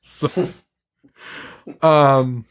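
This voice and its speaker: A man's voice: mid-range voice, fairly even intonation, extremely slow, clear, resonant tone. A man hosting a podcast, chatting casually, swearing freely and laughing often as he recaps. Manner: laughs often, profane, wry. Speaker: podcast host. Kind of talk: casual chat.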